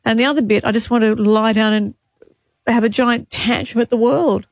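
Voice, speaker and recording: An Australian woman in her sixties co-hosting breakfast radio, grieving and close to tears, talking in halting, emotional bursts with many restarts. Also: a little high, fairly even intonation, vocal fry, dry recording. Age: 60s. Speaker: radio co-host. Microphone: studio microphone.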